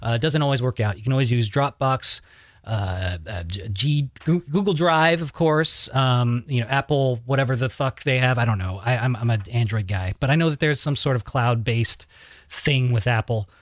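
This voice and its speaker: A man's voice: mid-range voice, moderate pace, no room sound, studio quality. A man hosting a podcast in a loose, joking way, swearing casually as he talks. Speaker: podcast host.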